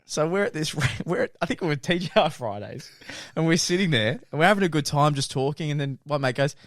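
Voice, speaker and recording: A man's voice: a little fast, no room sound, studio quality. A man co-hosting a podcast, telling a funny story with lots of laughing and acted-out quotes from his friends. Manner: animated, laughs through his own story; acts out friends' lines in lowered quoted voices. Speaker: podcast co-host. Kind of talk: casual storytelling chat.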